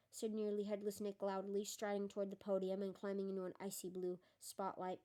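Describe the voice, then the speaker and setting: A woman's voice: medium pitch, completely flat delivery, fairly quick, hardly any pauses, dark tone. A woman reading a book aloud who stops now and then to comment on the text. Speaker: reader. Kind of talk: audiobook reading with asides.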